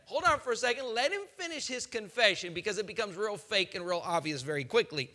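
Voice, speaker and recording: A male preacher delivers a sermon with emphatic, pointed delivery. He keeps putting rhetorical questions to his listeners. His voice sits high and rings very bright and forceful. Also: lively intonation, quick pace, few pauses.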